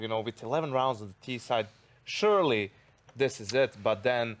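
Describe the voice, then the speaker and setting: A man giving esports analysis at a studio desk, explaining in a measured way with frequent "you know"s. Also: medium pitch, a little hiss or hum. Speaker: esports caster.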